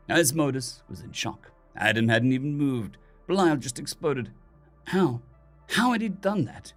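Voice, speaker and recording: A man narrating a story as an audiobook reader, in steady, animated storytelling. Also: fairly high pitch, moderate pace. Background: soft music.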